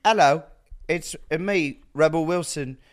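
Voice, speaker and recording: A man's voice: fairly high pitch, slow, voice pushed up. Man doing a hammy mock-British woman. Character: woman impersonated with a vaguely British accent.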